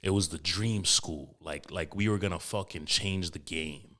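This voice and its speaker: A man with a low voice hosts his own podcast alone. He talks casually and candidly, rambling from joke to confession. He swears freely as he goes. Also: measured pace, sharp tone. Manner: candid, profane, rambling and joking. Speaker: podcast host. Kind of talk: casual solo podcast talk.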